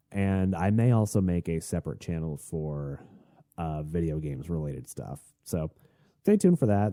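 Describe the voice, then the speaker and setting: A man hosting a solo podcast, talking in a rambling, chatty and excitable way. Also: sits low, no echo, clean studio sound. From Tennessee. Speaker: podcast host.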